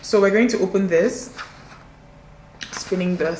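A woman's voice: medium pitch, a little slow, roomy sound, very noisy. Gushing woman vlogging a haul. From Nigeria. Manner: effusive, exclaiming and addressing viewers as guys. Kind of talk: casual haul vlog.

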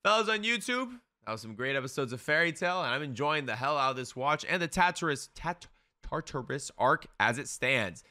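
A young man streaming a live anime reaction, excitable and slangy, swearing often as he comments. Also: on the high side, fairly quick, no room sound.

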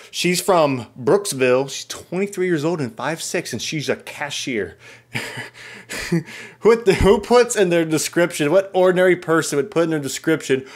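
A man's voice: fairly high pitch, expressive, normal speed. A young man giving casual, mocking commentary on dating profiles, laughing often as he reads them out. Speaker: YouTuber reviewing dating profiles.

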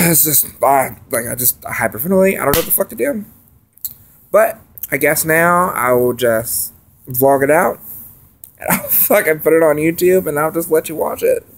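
Gravelly man ranting late at night. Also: fairly high pitch, expressive, normal speed. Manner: profane, agitated ranting with loud and quiet swings. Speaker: vlogger. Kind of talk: late-night rant vlog.

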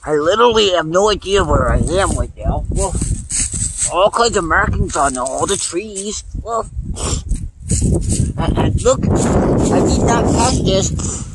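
A man's voice: high-pitched, expressive, a little slow, noisy background. A man vlogging outdoors in the cold countryside, barking "woof" between sentences and talking about himself in the third person. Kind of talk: casual vlog narration. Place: outdoors in cold rural woods, later in a car.

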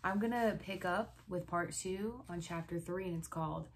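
A woman's voice: on the low side, normal speed. A woman reading a chapter book aloud to children, with chatty asides and frequent laughs.

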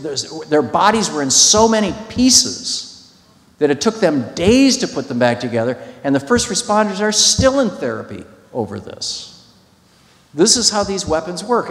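A man telling a story to an audience in a conversational, emphatic way, with many restarts and fillers. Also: medium pitch. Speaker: speaker at a public talk. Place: large hall. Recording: echoey hall.

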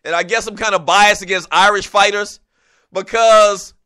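A man hosting a casual sports talk show, telling long, rambling stories in an animated, joking way. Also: high voice, normal speed, clear, resonant tone, no room sound.

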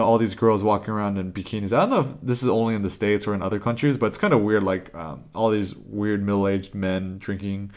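A man giving a casual presentation on street photography, rambling through stories with lots of fillers and restarts. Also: on the low side.

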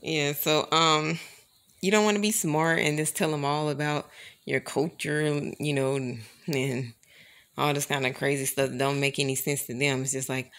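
Creaky-voiced woman chatting to camera. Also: deep voice, fairly even intonation, normal speed, a bit bright. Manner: rambling and chatty, addresses viewers as y'all. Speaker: vlogger. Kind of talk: casual chat to camera.

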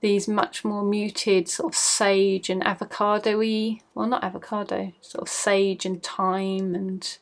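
A woman's voice: medium pitch, flat delivery, takes it slowly, hardly any pauses. A woman hosting her craft podcast at home, chatting casually to camera in a rambling, self-mocking way.

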